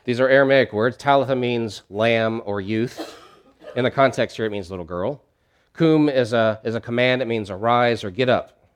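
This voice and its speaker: This is a middle-aged pastor giving a sermon in a relaxed, conversational manner, his mid-range male voice expressive and brisk. He gets loud and emphatic on key lines, then dips to near-quiet asides, swinging widely throughout.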